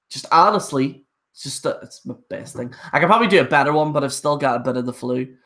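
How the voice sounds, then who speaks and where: Animated and quick, his medium-pitched voice carries a bit of brightness. The young male wrestling reviewer rants bluntly during a casual live stream, rambling and frequently starting over.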